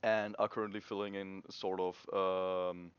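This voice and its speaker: Young guy, low-ish voice, lots of um and restarts, dry muffled mic. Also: level tone, clear, resonant tone, no room sound. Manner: halting, many restarts and fillers. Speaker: indie game developer. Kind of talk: casual devlog chat.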